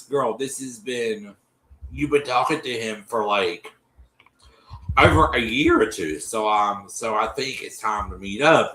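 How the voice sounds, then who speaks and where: Man, podcast host, rambling retelling, bright tense tone, echoey room. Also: fairly low pitch. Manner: rambling, with many restarts and quoted voices. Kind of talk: casual retelling of a TV episode.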